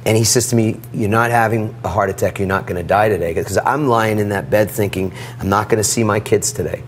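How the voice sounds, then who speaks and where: A middle-aged man telling a personal story in an interview, animated and acting out the dialogue. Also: lowish voice, a little fast, a little hiss or hum. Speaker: guest.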